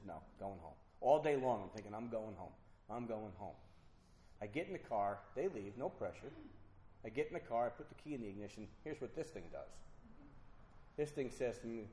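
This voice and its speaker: A man shares his personal recovery story about drinking with a group, being frank and self-deprecating while voicing the people he quotes. He has a mellow voice on the low side, heard in a roomy space.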